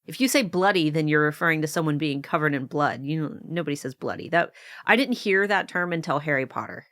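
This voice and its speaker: American woman cohosting a podcast, low voice, dry close mic, chatty. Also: quick pace, a bit bright, no room sound. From United States. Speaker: podcast co-host. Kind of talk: casual chat.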